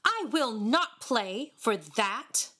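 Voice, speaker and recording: A woman's voice: a little high, sing-song, very slow, breathy edge, voice pushed up, heavily acted. Woman voicing David, a sweet eager young boy. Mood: indignant. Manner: joyous and naive, turning sharp and defiant.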